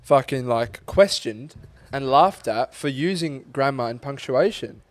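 A man's voice: medium pitch, animated, unhurried, dry recording. A young Australian man co-hosting a podcast in casual chat, blunt and teasing, swearing freely. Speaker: podcast co-host.

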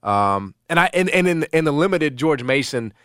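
A man's voice: fairly high pitch, expressive, moderate pace, a bit bright, clean tone, no echo, clean studio sound. A middle-aged man hosting casual sports talk, rambling with many restarts and fillers.

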